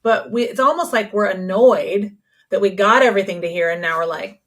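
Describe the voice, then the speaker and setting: A woman co-hosting a podcast, talking in a lively, animated way and sometimes putting on mock voices to make a point. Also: medium pitch, brisk. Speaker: podcast co-host. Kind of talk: casual conversational podcast.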